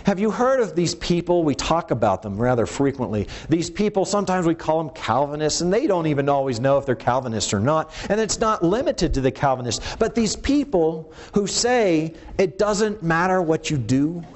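A middle-aged man delivers a sermon in a slightly high voice. He presses his points with rhetorical questions and lets his voice climb and drop for emphasis. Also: darkish tone. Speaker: preacher.

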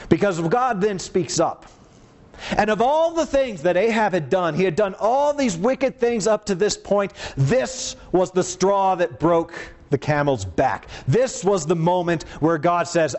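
With lively intonation, a man delivers an earnest sermon, reading passages of scripture. He uses rhetorical questions and slows down to a low register whenever he wants to stress a point.

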